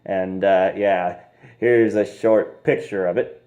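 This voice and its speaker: A man's voice: low voice, steady tone, slow, dark tone. Rambling, giggly young-sounding man reviewer. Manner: rambling, giggly, peppered with mild slang. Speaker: movie reviewer. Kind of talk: casual video review.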